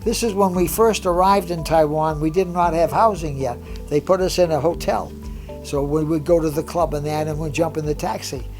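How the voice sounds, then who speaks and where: An older person and senior swimmer reminiscing casually, pausing often with "uh". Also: medium pitch, a little mellow, soft background music. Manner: halting, many "uh" fillers.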